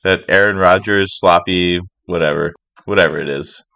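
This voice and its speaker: This man talks in a bright, forceful voice that sits a little low. He jokes and teases with quick one-liners through a relaxed chat. The sound is dry and close-miked. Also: vocal fry, dry recording. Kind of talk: casual chat.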